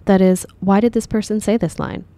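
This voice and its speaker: A woman drama teacher calmly explaining an acting lesson in a measured, dubbed voice-over. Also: medium pitch, dry recording.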